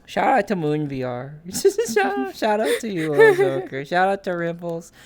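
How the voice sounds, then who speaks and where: A woman's voice: medium pitch, huge pitch swings, moderate pace. A young woman hosting a streamed interview in casual chat, rambling with many restarts and reading chat messages aloud.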